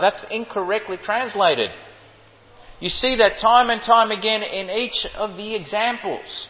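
In a lo-fi hall recording with long reverb, a preacher with a high-sitting voice and big pitch swings teaches unhurriedly on Greek Bible wording. He emphatically stresses and repeats key phrases and asks his audience questions.

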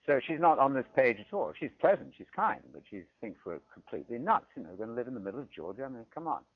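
The speaker, a man from Britain, lectures on theology in a fast, slightly rough mid-range voice. He's animated and often checks in with "right?", and the sound is a dull, dry lo-fi recording.

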